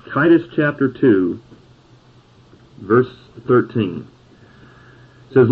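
A man preaching a sermon, reading scripture slowly and pausing on key words for emphasis. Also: lowish voice, slightly rough. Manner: slow, deliberate scripture reading with emphatic pauses. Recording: tinny phone-like sound.

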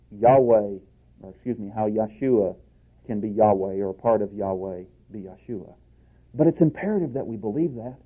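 A man preaching a sermon, emphatic, swinging from loud declarations to hushed asides. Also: medium pitch. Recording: tinny phone-like recording.

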